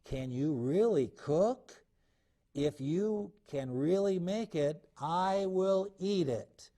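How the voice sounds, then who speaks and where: A man's voice: sits high, slow pace, dark tone, pitched above the performer's own voice. A man voicing a friendly, curious cat in a questioning storybook voice. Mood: doubtful.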